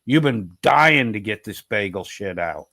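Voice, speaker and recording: A man's voice: on the low side, animated, measured pace, pushed and bright. A man scolding another participant in a heated online debate, swearing for emphasis.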